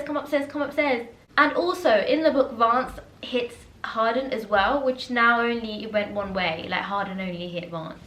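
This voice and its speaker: A young woman, chatting casually and laughing easily as she reacts to and reviews a film. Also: sits high. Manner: chatty, animated, quick to laugh. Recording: roomy echo.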